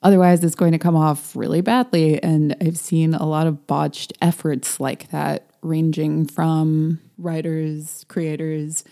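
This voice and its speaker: Low-voiced woman chatting about books. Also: unhurried, gravelly, hardly any pauses. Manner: animated, laughs often, mocking quotes. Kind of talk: casual book discussion.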